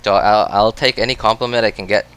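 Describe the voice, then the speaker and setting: A man's voice: fairly low pitch, steady tone, fast talker, a bit bright, a little hiss or hum. A Filipino man with an American accent, streaming gameplay and chatting with his viewers. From Philippines. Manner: chatty, reacts aloud and answers chat. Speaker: game streamer. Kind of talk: gameplay livestream commentary.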